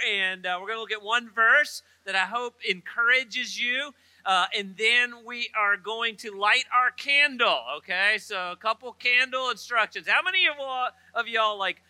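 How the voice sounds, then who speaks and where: A middle-aged pastor preaches a sermon in a church auditorium, mixing humorous storytelling with chatty asides. His voice is high-pitched with a sharp tone, and the rough recording has no echo.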